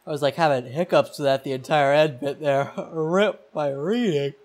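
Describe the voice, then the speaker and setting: A man's voice: fairly high pitch, normal speed. A young man playing a horror game and giving rambling, self-mocking casual commentary into a desk mic. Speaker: gaming YouTuber.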